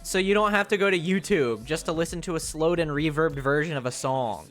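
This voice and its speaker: A man's voice: on the high side, fairly quick, fairly bright tone. A male streamer in casual live-stream chat, rambling and joking with many fillers and restarts. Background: faint music.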